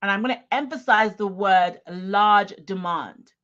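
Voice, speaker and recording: A woman's voice: medium pitch, unhurried, fairly bright tone, muffled recording. A woman business coach giving an emphatic livestream talk, often checking in with her audience. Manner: emphatic, repeats "okay?" to the audience.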